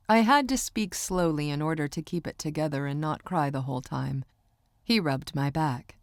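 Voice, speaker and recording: A woman narrating a first-person audiobook in a measured, even storytelling voice. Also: low voice, no room sound.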